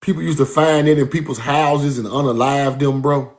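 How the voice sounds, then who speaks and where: A man's voice: medium pitch, steady tone, moderate pace. A man giving a casual, emphatic street-style lecture, repeating his points and calling the listener bro. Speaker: speaker giving a talk.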